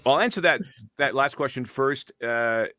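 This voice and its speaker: A man being interviewed about his voice-acting work, telling lively stories and dropping into voices now and then. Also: mid-range voice, normal speed, no room sound, studio quality. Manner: animated storyteller, slips into character voices. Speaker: voice actor guest. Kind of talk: casual interview.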